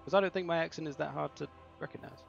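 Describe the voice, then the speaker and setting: Male streamer, wry and chatty, gravelly voice, lo-fi home mic with faint music. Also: fairly high pitch, steady tone, quick pace. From southern England. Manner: joking, chatty, self-mocking. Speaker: streamer hosting a game tournament. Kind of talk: casual livestream chat.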